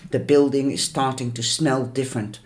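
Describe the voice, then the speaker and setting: A man reading a first-person novel aloud as an audiobook narrator, in a measured, deliberate way. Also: medium pitch, fairly even intonation. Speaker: audiobook reader.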